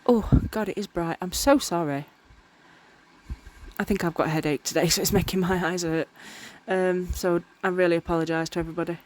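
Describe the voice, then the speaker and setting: Rambling woman, low voice. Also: steady tone, fairly quick. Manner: rambling, self-mocking, often tripping over words. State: tired. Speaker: miniature crafter. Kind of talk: casual crafting vlog narration.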